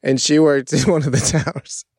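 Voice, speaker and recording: A man co-hosting a comedy podcast, joking loudly and riffing in casual banter. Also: on the high side, steady tone, moderate pace, no echo, studio quality. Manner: loud, joking, riffs on bits. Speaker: podcast co-host.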